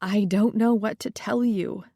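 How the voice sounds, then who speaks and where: Woman voicing a soft-spoken anxious social worker. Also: medium pitch, steady tone, measured pace, no echo, studio quality. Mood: placating. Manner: soft, hedging and placating.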